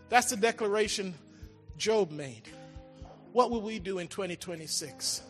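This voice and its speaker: A man preaching a sermon, swinging between loud calls and hushed, drawn-out lines. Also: high-pitched, expressive. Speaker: pastor. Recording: large reverberant hall with faint music.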